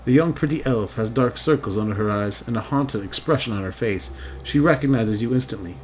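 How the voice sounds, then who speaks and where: A man reads a game's story text aloud in a steady, descriptive way, his voice at a middle pitch. A faint hiss runs underneath. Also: fairly quick, low-quality recording. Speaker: let's play narrator. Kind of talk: reading game text aloud.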